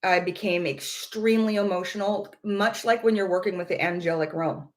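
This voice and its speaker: A woman vlogger tells viewers about a personal experience in a casual, earnest way, searching for words and repeating phrases as she goes. Her voice is on the low side, with fairly even intonation at normal speed.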